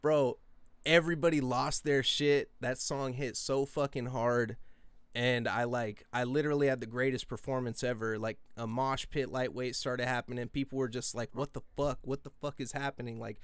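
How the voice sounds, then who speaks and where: A man in his twenties telling rambling, profane stories in casual podcast chat, breaking into yelled quotes. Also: medium pitch, moderate pace, smooth, no room sound. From US West Coast. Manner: rambling, profane, animated, yelling out quoted lines.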